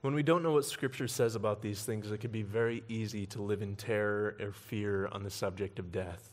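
A man's voice: on the low side, fairly even intonation, a little fast. A man preaching an evening sermon as pastor, earnest, building emphasis and volume on key points.

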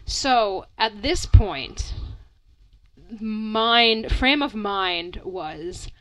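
Female podcast co-host, animated pitch, chatty and giggly, steering the story. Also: drawn-out words, no room sound. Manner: prompting, laughs often. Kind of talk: casual chat.

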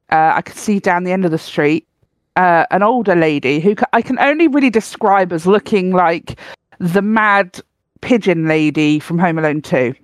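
Podcast host telling a funny story, chatty and animated, dry close mic. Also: mid-range voice, dry recording. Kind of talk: casual chat, storytelling.

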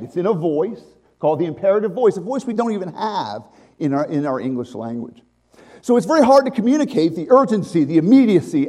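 A man's voice: high-pitched, mellow. A man preaching a conversational sermon to a congregation, with asides and restarts. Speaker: pastor.

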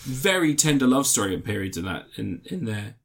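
A man's voice: mid-range voice, sing-song, brisk, vocal fry, a bit bright. A man co-hosting a casual review chat, rambling with many fillers and restarts. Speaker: podcast co-host reviewing TV.

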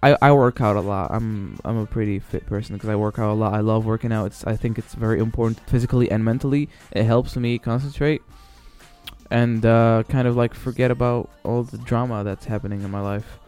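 A man's voice: fairly low pitch, steady tone, a little fast, darkish tone, clear, resonant tone. A man hosting his own solo podcast, rambling casually and swearing, with many fillers and restarts. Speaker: podcast host. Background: faint background music.

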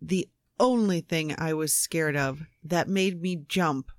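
A woman chatting on a podcast in an easy, laid-back way. She speaks slowly at a middle pitch. The sound is dry and close. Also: no room sound. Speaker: co-host. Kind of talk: casual podcast banter.

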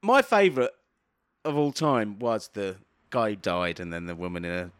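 A man's voice: lowish voice, lively intonation, moderate pace, no room sound. A man co-hosting a podcast, trading dry asides and stories. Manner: reacts with groans, dry asides. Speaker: podcast co-host. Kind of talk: casual comedic chat.

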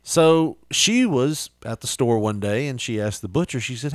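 A man's voice: mid-range voice, lively intonation, normal speed, few pauses, dry recording, clean studio sound. A man co-hosting a podcast, telling jokes in a loose, casual way and swearing freely. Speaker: podcast co-host. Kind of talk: casual chat, joke telling.

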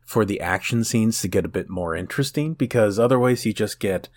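Man, podcast co-host, relaxed casual chat, laughs often, dry close sound. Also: on the low side, a little fast, dry recording. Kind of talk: casual chat about a manga.

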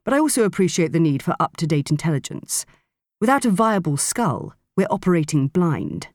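A woman voicing a confident, measured male pirate crewman in an audiobook. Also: on the low side, sing-song, a little mellow, dry recording, studio quality.

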